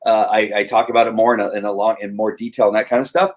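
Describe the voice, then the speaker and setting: Animated middle-aged man teaching casually. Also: lowish voice. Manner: animated, acts out dogs and people in quick voices. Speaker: dog trainer.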